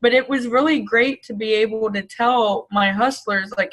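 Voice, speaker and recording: A woman's voice: on the high side, moderate pace, hardly any pauses, fairly bright tone, poor audio. Candid woman telling her story. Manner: frank, storytelling, casual swearing. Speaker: guest, staffing agency founder. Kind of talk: candid conversational interview.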